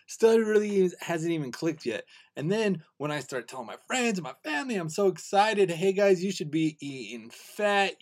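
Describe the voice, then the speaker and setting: A young man hosting his own podcast, talking in an earnest, excitable monologue that rambles and restarts. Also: a little high. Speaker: podcast host.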